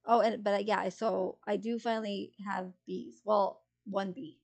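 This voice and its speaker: A woman streamer talks with her live chat in a gravelly, mellow, medium-pitched voice, level in tone and unhurried. She rambles and giggles, trailing off and restarting her sentences.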